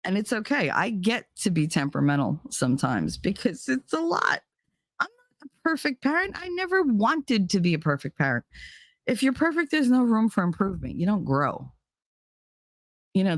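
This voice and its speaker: Jersey mom podcasting, blunt and sweary, very dry close sound. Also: female voice, on the low side, dry recording. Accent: New Jersey. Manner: blunt, swears freely, animated. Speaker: podcast host, parent. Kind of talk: casual candid talk.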